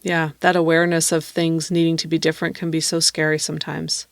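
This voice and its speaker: A woman's voice: sits low, completely flat delivery, brisk, creaky, no room sound, studio quality. A woman hosting a podcast who responds to her guest in an affirming, thoughtful way. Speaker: podcast host. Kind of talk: podcast interview.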